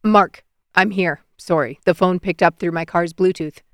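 A woman's voice: on the low side, steady tone, moderate pace, no echo, studio quality, lightly acted. A woman voicing a curt adult man, a single father who speaks in a cool, clipped way. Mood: hurried.

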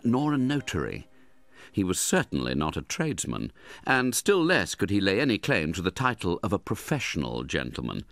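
A man narrating a classic novel as an audiobook, measured and expressive. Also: deep voice.

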